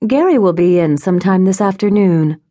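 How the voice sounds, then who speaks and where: A woman's voice: on the low side, lively intonation, moderate pace, dark tone, dry recording. A woman voicing a kind adult woman who manages a jewelry store, frank and caring, in an audiobook.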